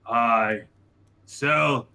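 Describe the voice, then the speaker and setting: A man's voice: mid-range voice, very slow, creaky, echoey room, noisy background. A man playing a tabletop role-playing game in character, stammering and flustered, with lots of restarts. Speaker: player.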